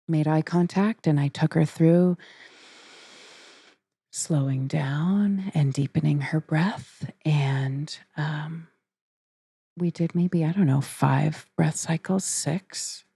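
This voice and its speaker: Female podcast host, low mellow voice, casual talker. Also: slow pace, creaky, slightly rough, no room sound. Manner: relaxed, storytelling. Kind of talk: casual conversation.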